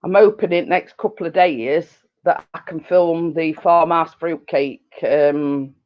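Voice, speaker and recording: A woman's voice: sits low, measured pace. A middle-aged woman hosts a casual live-stream chat from home, rambling along with lots of fillers and giggles. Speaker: channel host on a live stream. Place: living room at home. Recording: dull lo-fi home recording.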